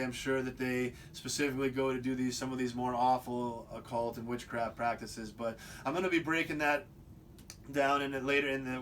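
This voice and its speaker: Casting: male host, loose unscripted monologue, mid-pitched, stumbles and restarts, faint rumble behind. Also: a bit bright. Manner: rambling, many restarts and repeats. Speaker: video host. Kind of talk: casual monologue.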